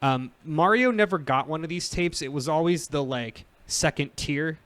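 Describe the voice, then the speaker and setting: The speaker is a podcast host in his 30s whose casual, meandering talk is full of fillers and laughs. His voice is on the high side and fairly bright, at a normal speed, with no room sound.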